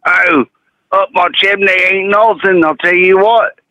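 A man's voice: sits high, fairly even intonation, a little slow, pushed and bright, no echo, dull audio. A man calling in to a show, chatting playfully in a put-on accent. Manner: playful, putting on a strange accent. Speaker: caller. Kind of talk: casual call-in chat.

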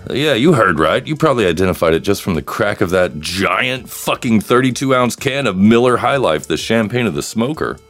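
Deep-voiced man rambling on a solo podcast. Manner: joking, rambling, crude humor. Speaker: podcast host. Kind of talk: solo live podcast chat.

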